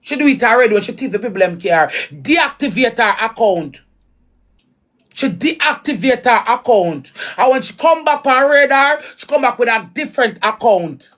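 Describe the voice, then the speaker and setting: A woman's voice: fairly high pitch, moderate pace. Blunt Jamaican woman ranting. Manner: animated, blunt patois ranting with repetition. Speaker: vlog commentator. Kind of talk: reaction commentary.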